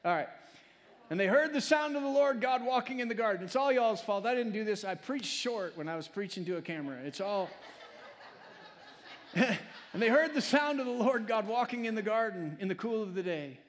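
A male pastor preaching a sermon, swinging between loud, emphatic lines and hushed, quiet ones. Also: high voice, animated, fairly quick. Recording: long hall reverb.

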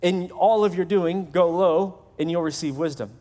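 A man's voice: high-pitched, moderate pace, mellow. A male pastor preaching a sermon in a conversational way, acting out the voices of the people he quotes.

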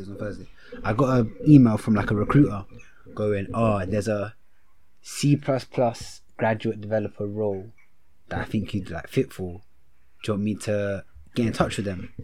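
A young man rambles through a story on a podcast, mocking himself and dropping slang. His voice sits on the low side. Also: darkish tone, low-quality recording. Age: young adult. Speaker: podcast co-host. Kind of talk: casual podcast chat.

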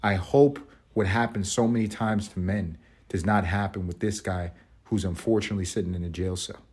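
A man's voice: sits low, fairly even intonation, moderate pace, a little mellow, breathy edge. A man hosting a podcast, delivering a profane, mocking rant and laughing often. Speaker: podcast host. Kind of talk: ranting commentary monologue.

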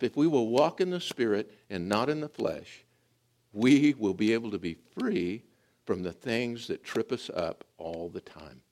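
A pastor preaching a sermon to a congregation, talking straight to them and getting them to join in. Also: male voice, mid-range voice.

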